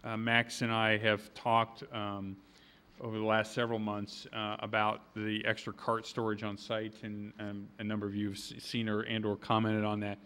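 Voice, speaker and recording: A man's voice: lowish voice, completely flat delivery, normal speed, bright, forceful tone, clear, resonant tone. A man speaking at a public planning meeting as village staff, plain and a little hesitant.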